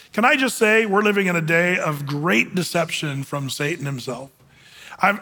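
In a sermon, a high-voiced male pastor speaks casually and conversationally, dropping into sarcastic mock voices to ridicule gullible believers. His pushed, bright delivery rings out with a long reverb across the church sanctuary.

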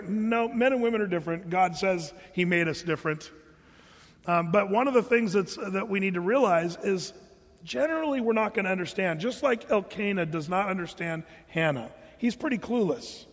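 A man's voice: sits high, lively intonation, moderate pace, a bit bright. A man preaching a sermon in a humorous, conversational way, with joking asides to the congregation. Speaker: pastor. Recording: long hall reverb.

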